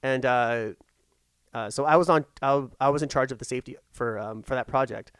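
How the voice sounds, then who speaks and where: A man's voice: mid-range voice, fairly quick, fairly bright tone, smooth, no room sound. A man working as a safety consultant, telling a story in casual chat, rambling with lots of restarts and fillers.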